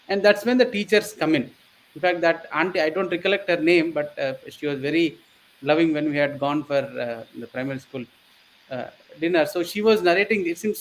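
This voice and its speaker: A man tells a story in easy, rambling conversation, his voice sitting a little high. He hesitates often and fills gaps with fillers, and a faint hiss of noise runs under him. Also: rough recording.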